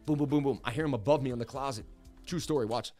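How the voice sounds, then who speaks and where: A man who hosts a market livestream, telling a wild personal story in an excited, repetitive way while speaking straight to viewers. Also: medium pitch, fast talker, soft background music. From Boston area, US. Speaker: crypto market streamer.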